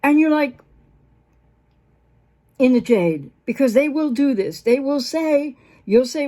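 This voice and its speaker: A woman with a high, bright-pitched voice talks unscripted as a mental health professional hosting her own channel. She rambles with fillers and restarts, and she acts out both sides of an argument with sudden leaps in pitch. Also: moderate pace, pauses often. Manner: animated, acts out quoted dialogue with big pitch jumps; rambling, with fillers and self-interruptions. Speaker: host of a breakup recovery channel. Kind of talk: unscripted talking-head explainer.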